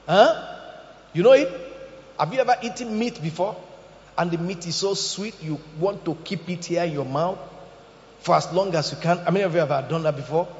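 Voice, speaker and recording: A man preaching a sermon as pastor, emphatic and joking, swinging between loud bursts and quiet asides. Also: high-pitched. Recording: echoey hall, slightly dull sound.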